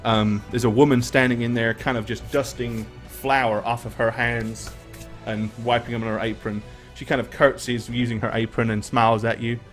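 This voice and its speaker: Relaxed game master narrating. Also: male voice, medium pitch, moderate pace, faint music behind. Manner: relaxed, hesitant with many ums.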